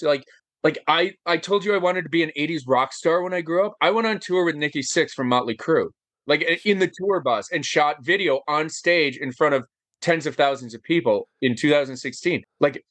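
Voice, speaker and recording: A man in his forties, an interview guest, telling a personal story with lots of fillers, animated and getting choked up as he goes. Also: on the high side, moderate pace, dry recording. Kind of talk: emotional storytelling in conversation.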